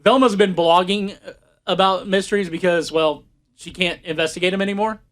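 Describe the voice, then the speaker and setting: A man's voice: sits high, fairly even intonation, brisk. A man co-hosting a podcast, rambling through a story in casual chat with lots of fillers. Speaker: podcast co-host.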